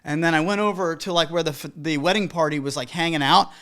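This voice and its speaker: A man who works as a wedding DJ, telling a story as advice to other DJs in an animated, emphatic way with casual swearing. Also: a little high, fast talker.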